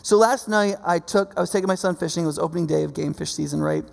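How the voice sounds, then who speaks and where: Gravelly man preaching in a reverberant hall. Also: a little high, fast talker. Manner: conversational, keeps checking in with listeners. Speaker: pastor. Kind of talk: sermon.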